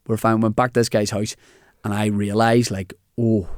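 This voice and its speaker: A man's voice: fairly low pitch, normal speed, no echo, studio quality. A young man with a Northern Irish accent, a comedian telling a funny story in casual chat. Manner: animated anecdote telling with quoted dialogue. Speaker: comedian guest.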